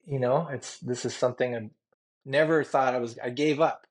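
With a steady tone, mid-range voice and moderate pace, a male tattoo artist guest recounts candid stories during an interview. He meanders, sprinkling in "you know" and "like," and sounds sincere and emotional.

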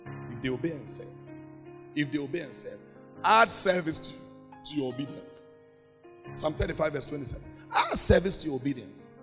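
A man's voice: medium pitch, a bit bright. A man, a pastor, preaching a sermon in an emphatic, repetitive way that swells into chanted prayer. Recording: long hall reverb.

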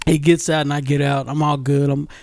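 A man's voice: on the high side, level tone, fairly quick, darkish tone, no echo, clean studio sound. A man telling a funny story in casual chat, laughing often and repeating himself.

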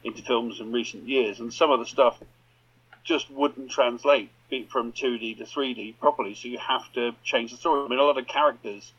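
A man's voice: medium pitch, fairly even intonation, brisk, a bit bright, slightly rough. A man co-hosting a podcast, chatting casually with reflective asides. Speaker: podcast co-host. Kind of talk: casual chat. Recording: dull lo-fi sound.

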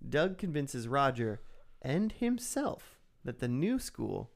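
A man's voice: mid-range voice, very animated, takes it slowly, vocal fry. A man co-hosting a podcast, recapping an episode in rambling casual chat with many fillers. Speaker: podcast co-host recapping a cartoon.

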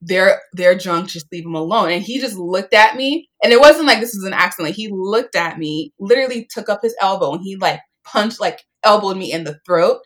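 A woman's voice: medium pitch, expressive, a little fast, hardly any pauses, a bit bright. Woman in her twenties, chatty storyteller who voices the people she quotes. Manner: chatty, lots of "like", acts out quotes. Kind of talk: casual storytelling.

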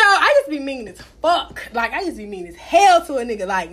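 Brash young woman storyteller, high bright voice, loud and unfiltered. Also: sing-song, brisk, hardly any pauses. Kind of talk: casual podcast chat.

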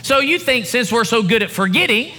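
A man's voice: very high-pitched, expressive, brisk, bright, forceful tone. A male pastor preaching a sermon to his congregation in a church service, building his emphasis in a call-and-response way.

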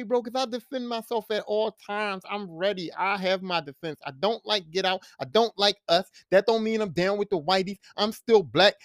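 A man's voice: high voice, no echo, clean studio sound. A man hosting a podcast, giving a casual, profane, emphatic movie rant. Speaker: podcast host. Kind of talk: casual ranting review.

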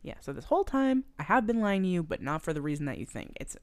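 A woman's voice: fairly low pitch, sing-song, quick pace, no echo. A woman co-hosting a podcast, recapping a film with lots of swearing and emphatic quoted lines. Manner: profane, emphatic, quotes characters. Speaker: podcast co-host. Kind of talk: casual movie recap chat.

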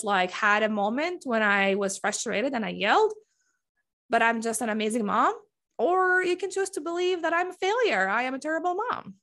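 A woman's voice: high-pitched, fairly bright tone. A woman, likely in her thirties, giving an earnest motivational talk to other moms, often asking "right?" and filling with "like". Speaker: mom life coach.

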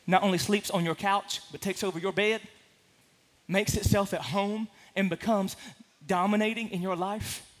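A man preaching a sermon to a congregation, impassioned, swinging from hushed to loud. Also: high voice, steady tone, normal speed. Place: large room with a congregation.

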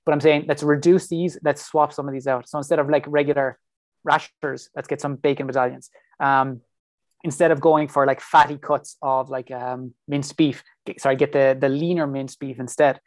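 A man's voice: mid-range voice, flat delivery, moderate pace, no room sound, studio quality. A young man from Ireland, a PhD researcher, chatting casually in an interview with lots of fillers and restarts. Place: home.

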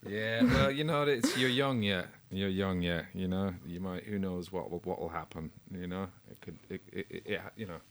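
A man hosting a casual chat, soft-spoken and trailing off into quiet murmurs. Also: sits low, normal speed, few pauses.

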